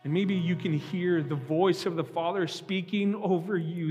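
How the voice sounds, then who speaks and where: A man preaching a sermon and leading a closing prayer, earnest and emotional, with slow heartfelt pleading. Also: sits high, fairly even intonation, darkish tone, big-room sound, faint music behind.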